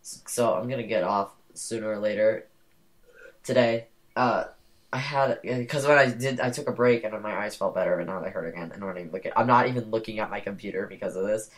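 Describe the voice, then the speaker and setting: A young podcast co-host with a medium-pitched voice talks fast in a casual chat, telling stories in a rambling, sassy way with lots of fillers.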